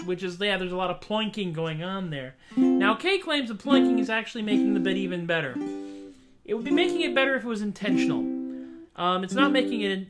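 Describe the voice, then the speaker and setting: A man hosting a casual live stream, chatting between songs and joking about his own mistakes, with his ukulele playing along. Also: high voice. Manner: self-deprecating, chatty, breaks off songs to joke. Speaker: singer-songwriter streaming a show. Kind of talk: casual livestream chat and singing with ukulele.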